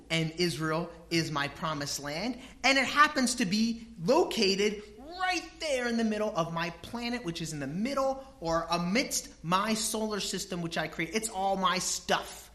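A middle-aged man delivers a lively sermon in a bright, forceful voice. He swings from quiet, low asides to loud, emphatic peaks. He slips into homely stories about his family to make his point. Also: measured pace. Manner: animated, emphatic, swings between hushed and loud. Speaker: pastor.

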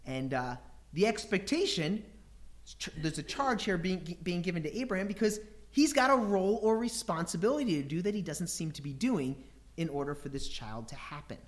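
A man preaches a sermon in an animated way, leaning into rhetorical questions. He acts out voices and bursts of laughter to make his points. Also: high-pitched, normal speed. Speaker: preacher teaching scripture.

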